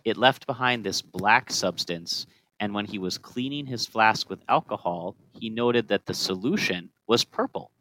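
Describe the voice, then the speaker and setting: A man's voice: lowish voice, animated, moderate pace, bright, forceful tone, slight background noise, low-quality recording. A man co-hosting a casual podcast, telling chemistry history in a playful, joking way. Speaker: podcast co-host.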